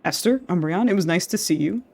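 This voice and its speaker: A woman reading the lines of a gentle, forgetful elderly man who speaks tenderly and sleepily. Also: fairly low pitch, animated, fairly quick.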